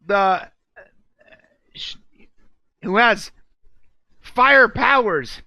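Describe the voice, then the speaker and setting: A man from California with a high, bright voice, co-hosting a casual comedy show. He tells game matchups as loose stories and often laughs at himself. The recording is close and dry. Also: lively intonation, extremely slow, vocal fry, no room sound. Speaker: co-host.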